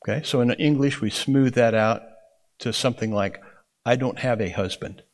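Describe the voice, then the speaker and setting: A man's voice: medium pitch, normal speed. A man teaching a Bible interpretation class, explaining in a folksy way and often checking in with the room. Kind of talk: classroom lecture.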